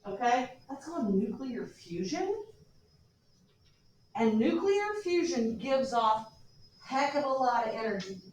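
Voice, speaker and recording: A woman teacher lecturing her class, animated and joking with her students, recorded from a distance in a classroom. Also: a little high, unhurried, pauses often, a little hiss or hum. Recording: echoey classroom from far off.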